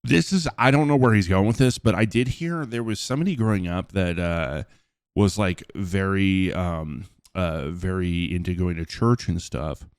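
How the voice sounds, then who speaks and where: A man's voice: low-pitched, moderate pace, clear, resonant tone, no room sound, clean studio sound. A young man hosting a reaction video, rambling and hesitant as he thinks aloud between clips. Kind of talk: reaction commentary.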